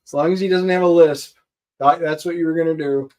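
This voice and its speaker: High-voiced teasing man. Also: fairly even intonation, brisk, a little mellow. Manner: teasing, dry quips. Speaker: host. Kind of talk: casual chat.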